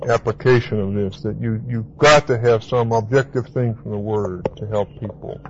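Man, preacher, Bible teaching sermon, emphatic, repeats key words, muffled lo-fi recording. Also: fairly low pitch. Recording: dull lo-fi recording with faint hiss.

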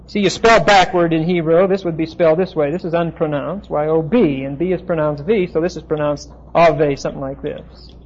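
Man, high voice, Bible lecture, halting with fillers, classroom, dull lo-fi recording. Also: husky. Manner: explanatory, halting with frequent "uh" fillers. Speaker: Bible teacher.

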